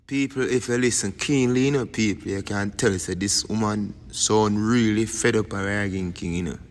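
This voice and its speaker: A man with a Jamaican accent and a fairly low voice hosts a YouTube channel, giving rambling casual commentary at normal speed and tagging his lines with "you see me." The recording has long reverb and faint background noise.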